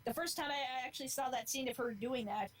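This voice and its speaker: A young woman in her twenties talking on a podcast, with a voice that sits a touch high. She rambles in an earnest, heartfelt way and swears freely as she goes, with a faint noise in the background. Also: quick pace, poor audio. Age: 20s. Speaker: podcast co-host. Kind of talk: casual chat.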